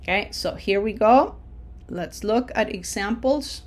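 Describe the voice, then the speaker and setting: A woman gives a recorded lesson at an ordinary middle pitch for her sex. She explains each rule patiently and in small steps, checking in with a quick "okay?" along the way. When she gives the example words, she says them slowly and loudly so they stand out. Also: animated. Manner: patient, explains step by step, asks "okay?" often. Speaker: Spanish teacher.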